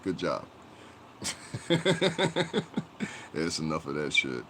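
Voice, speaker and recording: A deep-voiced man hosts a casual livestream and talks straight to his chat, blunt and profane, rambling through restarts and trailing "whatever"s. He speaks fairly quickly with a somewhat bright tone, and there's a slight hiss or hum.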